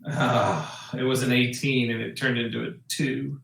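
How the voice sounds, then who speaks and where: A man playing a tabletop game, hesitant and filling pauses with "uh" as he states his turn. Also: medium pitch, fairly even intonation, creaky, echoey room, heavy background noise. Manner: hesitant, full of fillers. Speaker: player.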